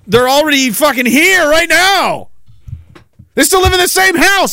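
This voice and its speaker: Podcast host, thirties man, sarcastic profane rant, high lively voice, dry close sound. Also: normal speed, vocal fry, no room sound. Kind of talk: ranting podcast monologue.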